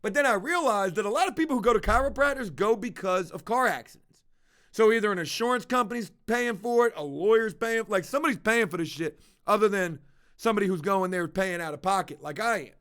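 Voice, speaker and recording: High-voiced man telling a blunt story. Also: brisk, fairly bright tone. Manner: profane, blunt, talks straight to viewers. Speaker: livestreaming vlogger. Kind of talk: casual confessional storytelling.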